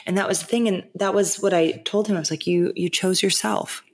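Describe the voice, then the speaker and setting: A woman hosting a podcast, talking in a casual, animated way, full of "like" and "right?". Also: on the low side, brisk, husky. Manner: animated, chatty, lots of "like" and "right?". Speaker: podcast host. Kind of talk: casual spiritual monologue.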